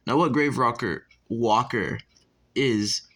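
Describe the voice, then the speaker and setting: A man's voice: mid-range voice, slow, fairly bright tone, low-quality recording. A young man casually improvising a fan story, rambling, cursing and breaking off to talk to his viewers. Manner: rambling and profane, with asides to viewers.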